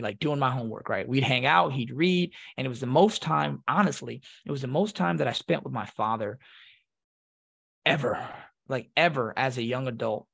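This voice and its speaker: A man, a Marine veteran guest, telling a personal story in a reflective, halting way with many restarts. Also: medium pitch, vocal fry, a bit bright. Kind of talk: emotional storytelling.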